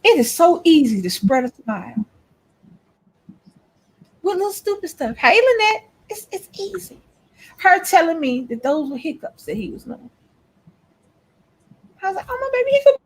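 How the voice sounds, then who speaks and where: A woman's voice: sits high, sing-song, normal speed, pauses often. A woman in casual chat, telling stories and speaking emphatically to her audience. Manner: storytelling, emphatic, lectures trolls. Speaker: co-host.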